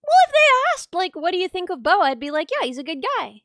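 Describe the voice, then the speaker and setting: A woman's voice: extremely high pitch, very animated, quick pace, a bit bright, no room sound, studio quality. A woman streamer chatting casually and teasing her friend bluntly, laughing often. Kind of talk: casual chat on a live stream.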